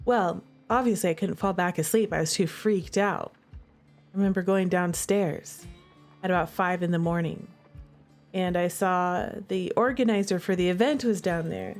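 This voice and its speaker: A woman's voice: medium pitch, moderate pace, faint music behind. Chatty woman telling a ghost story. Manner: chatty, animated storyteller with frequent restarts and fillers. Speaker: streamer. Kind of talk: casual storytelling.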